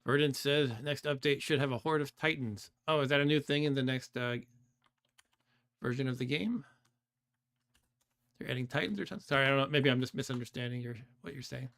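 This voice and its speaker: A man talks through his game on a live stream, thinking out loud and trailing off mid-thought. His voice is bright and crisp. He laughs often, reads chat aloud, and keyboard typing clicks along underneath. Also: mid-range voice, brisk, pauses often. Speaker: streamer playing a computer game. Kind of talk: casual live-stream commentary.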